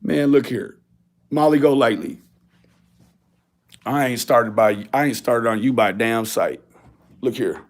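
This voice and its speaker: A man's voice: mid-range voice, measured pace, long pauses. A man telling a profane, mocking story in a casual rant, often acting out other people's lines. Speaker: video blogger.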